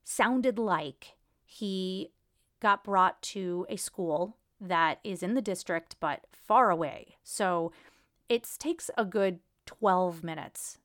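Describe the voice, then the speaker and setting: A woman's voice: fairly low pitch, takes it slowly, fairly bright tone, dry recording, clean studio sound. A woman podcast host telling a personal story in an emotional, rambling way, full of restarts and quoted conversations. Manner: emotional, rambling, retelling events.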